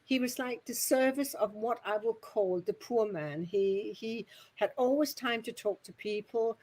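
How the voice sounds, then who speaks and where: Medium, woman, chatty and rambling, pitch on the higher side. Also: unhurried, a little mellow. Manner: chatty, rambling, laughs often. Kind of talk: mediumship demonstration at a spiritualist service.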